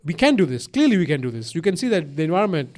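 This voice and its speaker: A young man with a mixed accent co-hosts a casual podcast chat. His voice sits a little high, and he rambles, swears freely and restarts his sentences as his ideas run ahead of him. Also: very fast. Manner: rambling, profane, animated, many restarts. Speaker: podcast co-host.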